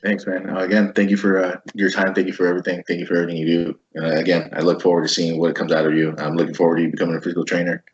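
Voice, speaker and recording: A man hosting a casual veterans' interview, swearing freely and telling stories in an animated way. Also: low voice, rapid-fire, hardly any pauses, lo-fi sound. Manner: profane, animated storytelling. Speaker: host.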